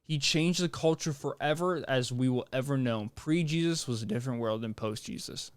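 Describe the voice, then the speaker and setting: A man's voice: medium pitch, normal speed, clean tone, no room sound. A young man hosting a podcast in a casual, rambling monologue, joking and restarting his sentences. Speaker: podcast host.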